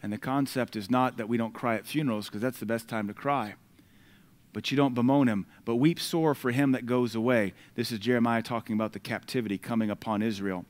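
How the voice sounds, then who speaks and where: An American man preaches a sermon, reading scripture aloud in loud, emphatic bursts and slipping into conversational asides between verses. His mid-range voice is steady in tone and brisk in pace.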